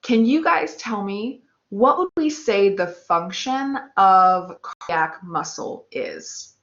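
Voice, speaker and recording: An upbeat woman teaches an online anatomy lab and talks directly to her students. Her voice is bright and forward. It is recorded in an echoey room with a somewhat dull sound. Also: mid-range voice, very animated, slow pace. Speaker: anatomy instructor. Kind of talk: live online lab lesson. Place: online class with text chat.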